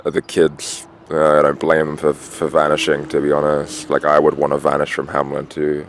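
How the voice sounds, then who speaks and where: A man's voice: very deep voice, completely flat delivery, moderate pace, hardly any pauses, a little hiss or hum. A tired, dehydrated man rambling outdoors at a roadside camp, full of fillers and swearing. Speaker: vlogger on a long walk. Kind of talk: rambling casual monologue.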